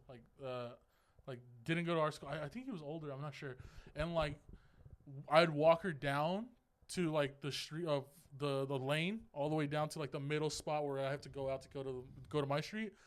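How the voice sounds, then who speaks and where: A young man co-hosting a podcast, telling a long story in a rambling, animated way and laughing as he goes. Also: fairly high pitch, a little fast. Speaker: podcast co-host. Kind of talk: casual storytelling.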